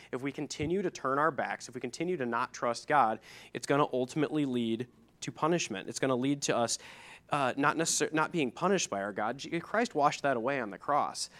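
A man's voice: medium pitch, fairly bright tone. A middle-aged man, preaching a sermon in a conversational way, reading scripture and adding asides. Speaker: pastor.

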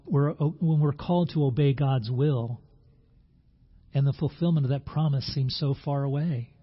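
A man's voice: medium pitch, husky. A man preaching a sermon as pastor, earnest, often repeating words and restarting phrases. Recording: dull lo-fi sound.

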